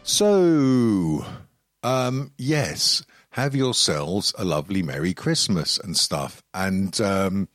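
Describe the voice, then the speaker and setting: A man's voice: sits low, animated, slow pace, hardly any pauses, a bit bright. A man hosting a podcast, signing off casually with many ums and little laughs. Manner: hesitant, many ums and uhs, light laughs. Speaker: podcast host.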